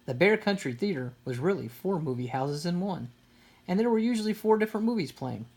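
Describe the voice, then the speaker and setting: A woman reading a children's picture book aloud in an even storytelling manner. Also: on the low side, fairly quick. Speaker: storybook reader.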